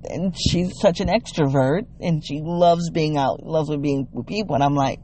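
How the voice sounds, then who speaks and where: With slight background noise behind them, a vlogger speaking at medium pitch and moderate pace looks back on a family story, acting out people's words in animated quotes amid frequent "you know"s and false starts.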